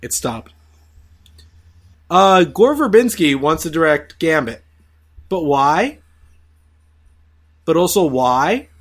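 A man's voice: on the high side, slow, long pauses. Opinionated man ranting about movies. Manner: swears freely, animated opinions, quotes others in voices. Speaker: podcast host. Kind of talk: casual chat about movies.

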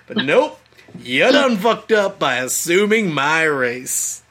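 A man from the Caribbean with a high, bright voice. He jokes crudely and laughs a lot in loose podcast chat. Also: very animated, slow pace. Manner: profane, joking, laughs often. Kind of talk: casual crude banter.

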